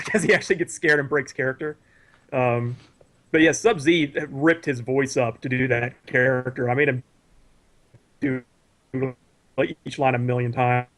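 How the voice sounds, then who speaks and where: A man guesting on a casual podcast over a video call, telling stories in a rambling, animated way with lots of restarts. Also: medium pitch, unhurried, pauses often. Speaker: guest, cartoon creator.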